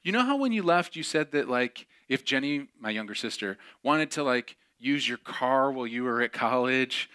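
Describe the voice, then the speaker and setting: A flustered mother on the phone, played by a man telling a story, halting and apologetic. The voice stays bright and clear, breaking off and starting again. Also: mid-range voice, lively intonation, no echo, clean studio sound. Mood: hesitant.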